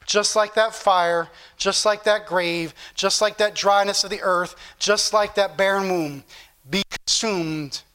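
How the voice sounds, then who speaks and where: Fervent high-voiced male preacher. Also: fairly even intonation, a little slow, bright, forceful tone, clean tone. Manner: fervent, repetitive, building intensity. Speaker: pastor. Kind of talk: sermon. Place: church.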